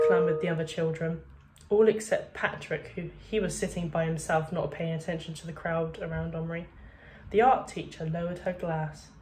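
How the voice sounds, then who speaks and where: Woman reading a storybook aloud, low voice. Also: a little mellow, a little hiss or hum. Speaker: reader.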